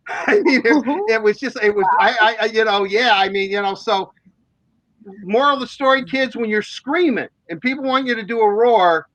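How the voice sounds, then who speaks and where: A man's voice: high voice, normal speed, dry recording, low-quality recording. A man, hosting a sports talk show, telling rambling stories in casual chat full of fillers. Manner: animated, rambling storyteller with many fillers. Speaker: sports radio host.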